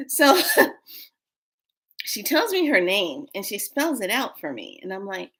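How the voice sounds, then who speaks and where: On her spiritual livestream, a woman in her fifties playfully tells a story to a live audience, laughing often. Her medium-pitched voice swings widely in pitch, sounds a bit bright, and unfolds unhurriedly with long pauses.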